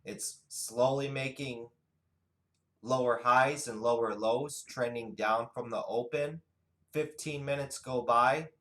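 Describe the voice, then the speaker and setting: A man teaches day trading over a chart, talking at a slow and deliberate pace. His voice sits at an ordinary middle pitch. He moves steadily from one price level to the next as he explains. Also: rough recording. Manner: steady, unhurried chart narration with pointing phrases. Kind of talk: screen-share chart walkthrough.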